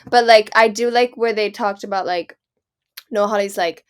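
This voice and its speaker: A woman's voice: medium pitch, fairly even intonation, moderate pace, smooth. A woman co-hosting a casual podcast, explaining her ideas thoughtfully with plenty of "like" fillers. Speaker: podcast co-host. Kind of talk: casual chat.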